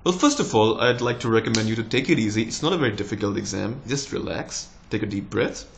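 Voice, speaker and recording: A man's voice: fast talker, creaky, a little hiss or hum. Encouraging young man, slight American tinge. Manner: relaxed, encouraging, with lively rises in pitch. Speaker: doctor giving exam tips. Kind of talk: casual advice vlog.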